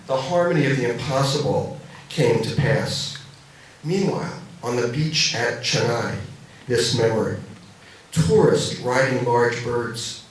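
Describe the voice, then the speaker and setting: Guy doing a poetry reading at a cafe, kinda hesitant between poems, mic far off and the room echoes a lot. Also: medium pitch. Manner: hesitant asides, many ums and restarts between poems. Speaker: poet reading his own work. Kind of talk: poetry reading with spoken introductions. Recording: roomy echo from a distant mic.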